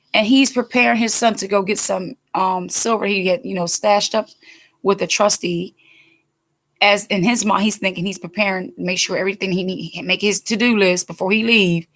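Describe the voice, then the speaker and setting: Chatty woman teaching scripture casually. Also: medium pitch. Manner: chatty, digressive, quick asides; animated when she quotes people. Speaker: Bible study teacher.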